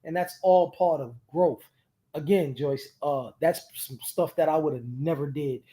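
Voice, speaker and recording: Animated man in casual couple talk. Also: a little high, unhurried. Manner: animated storyteller, many restarts, colloquial. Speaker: co-host.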